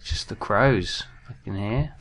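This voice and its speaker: A man's voice: fairly low pitch, measured pace, fairly bright tone. A British man commentating his own game play, jumpy and muttering to himself with self-mocking asides. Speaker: gaming commentator.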